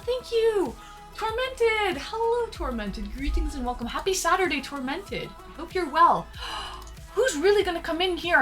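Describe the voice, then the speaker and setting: A woman's voice: very high voice, a bit bright. A woman live-streaming, chatting casually with her viewers, greeting them by name and laughing a lot. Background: faint background music.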